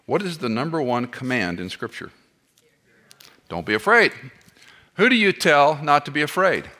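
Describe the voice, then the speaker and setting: With a voice on the high side, a man preaches an animated expository sermon. He challenges the audience with rhetorical questions and adds playful asides as he goes.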